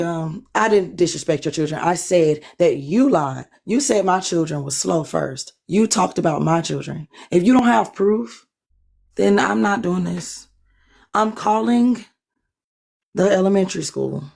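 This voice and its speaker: A hoarse woman guest in a heated live argument, defiant and threatening. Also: on the low side, a little mellow. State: voice gone, hoarse.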